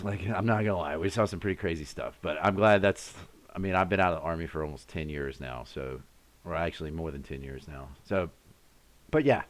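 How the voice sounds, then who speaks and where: A man in his thirties hosting a live stream, casually telling a story to his chat and acting out sounds and shouts along the way. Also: low-pitched. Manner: animated, acts out sounds and his own shouts.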